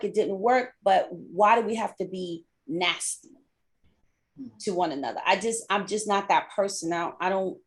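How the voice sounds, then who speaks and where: A middle-aged woman hosting a podcast who tells a personal story candidly, often repeating phrases for emphasis. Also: lowish voice. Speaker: podcast host.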